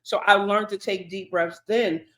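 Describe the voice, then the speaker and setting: A woman co-hosts a podcast. She talks in a relaxed, chatty way, full of fillers and side remarks. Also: mid-range voice, a little slow. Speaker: podcast co-host. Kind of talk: casual podcast chat.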